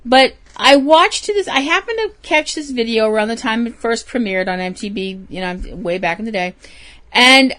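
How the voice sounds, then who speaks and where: A woman's voice: a little high, animated, normal speed, fairly bright tone. A woman co-hosting a casual talk show, telling a story with lots of laughs and animation. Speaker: podcast co-host. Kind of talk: casual chat.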